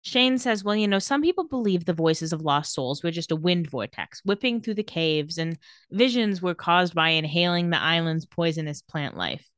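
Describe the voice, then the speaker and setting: A woman's voice: lowish voice, expressive, fairly bright tone, no echo, clean studio sound. A woman co-hosting a podcast, casually retelling a TV episode and lightly acting out the characters' lines. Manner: playful, quick to laugh, acts out quotes lightly. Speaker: podcast co-host recapping a TV episode. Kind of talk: casual chat, retelling scenes.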